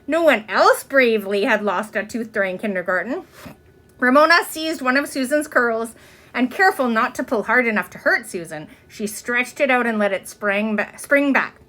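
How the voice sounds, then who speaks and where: Expressive woman reading a storybook. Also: moderate pace. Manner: expressive, with many pitch swings. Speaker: reader.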